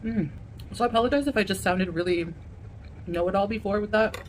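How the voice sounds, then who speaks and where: A woman vlogger chatting casually to her viewers while eating a meal, rambling and pausing to chew. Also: medium pitch, a little hiss or hum. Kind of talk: casual eating vlog chat.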